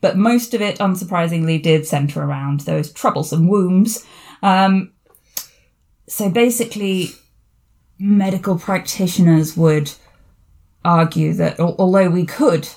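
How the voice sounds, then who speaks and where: A woman's voice: fairly low pitch, measured pace, darkish tone. A woman hosting a podcast, chatting casually and digressively about a book, often laughing. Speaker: podcast host.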